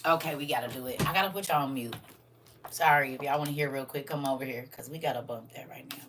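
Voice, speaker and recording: With a rumbling low voice and a fast delivery, an older livestream host chats casually and emotionally, laughing and exclaiming to viewers. There's background noise, and she's a bit distant from the mic.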